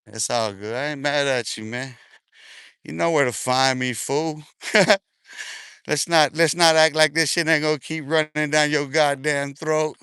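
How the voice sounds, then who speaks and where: A man's voice: on the high side, fairly even intonation, unhurried, pushed and bright, smooth, no echo. A man ranting casually on a livestream, taunting and bragging, swearing constantly and laughing often between lines.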